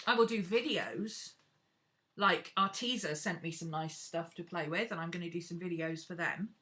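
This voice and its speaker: A woman's voice: on the low side, fairly bright tone. A woman chatting frankly and casually to her viewers while she works on a craft live stream.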